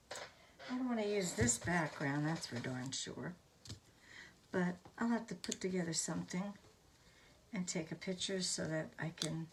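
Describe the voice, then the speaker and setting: A woman hosting a casual craft tutorial, gushing over her finished pieces with soft exclamations. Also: mid-range voice, a little hiss or hum.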